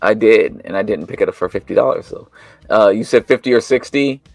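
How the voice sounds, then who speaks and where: A man co-hosts a casual toy news show, sounding laid-back and a bit hesitant as he often restarts his sentences. His voice is fairly low, creaky, and darkish in tone, he talks fairly quickly, and there is no echo.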